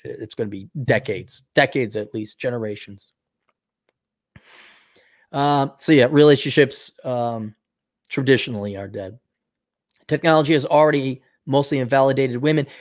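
A man's voice: medium pitch, moderate pace, pauses often. A man talking in a casual unscripted monologue, blunt, sardonic and opinionated, and saying he is losing his voice. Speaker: video commentator.

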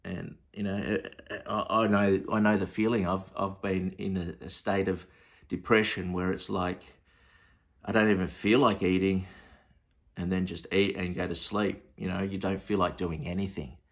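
Preacher, male, lowish voice, chatty Bible teaching with lots of ums and restarts. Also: flat delivery, normal speed, gravelly. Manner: conversational, hesitant with many fillers and restarts.

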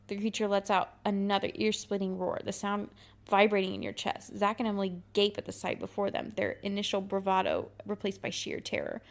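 A woman's voice: medium pitch, little pitch movement, fairly quick. Woman dramatically reading a spooky story. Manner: dramatic read-aloud, breaks into laughter. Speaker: podcast co-host reading the story. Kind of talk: reading an interactive story aloud with banter.

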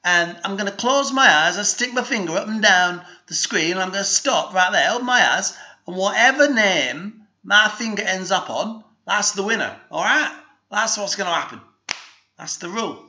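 A man hosting a rambling comedy monologue in a put-on Northern English accent, halting and full of fillers and restarts, with a deadpan, mock-serious delivery. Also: high voice, muffled recording. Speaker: comic DJ host.

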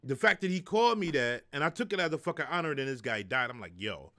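A middle-aged man hosting a casual live stream, his pitch swinging up and down as he talks. He jokes, curses freely and reads viewers' chat aloud. His voice sits a little high for a man. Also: very animated, quick pace, pushed and bright. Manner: loose, profane, joking, reads chat aloud. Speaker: live show host.

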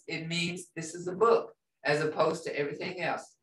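A woman's voice: lowish voice, unhurried, hardly any pauses, pushed and bright, far from the mic. A woman teaching a language class, explaining patiently and repeating words with frequent checks of "okay?". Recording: roomy, off-mic classroom sound.

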